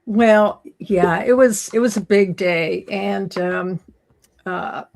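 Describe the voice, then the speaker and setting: Give me a slow, earnest woman from Canada getting emotional, recorded in an echoey room. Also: mid-range voice, gravelly, a little mellow. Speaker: guest. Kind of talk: heartfelt personal talk.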